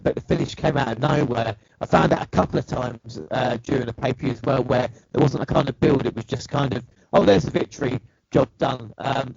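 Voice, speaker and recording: A man co-hosting a podcast, reading match recaps at an even clip and then chatting and giving opinions. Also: medium pitch, vocal fry, breathy edge, no room sound, lo-fi sound. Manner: reads match recaps steadily, then chats with rating opinions. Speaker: podcast co-host recapping wrestling. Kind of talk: read recap and casual chat.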